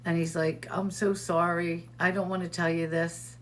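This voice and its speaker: A woman's voice: on the low side, flat delivery, moderate pace, slight background noise. A middle-aged woman hosting a casual livestream, telling stories in quoted dialogue and answering viewers in the chat by name. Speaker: host of a livestream show. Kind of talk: casual live-stream chat.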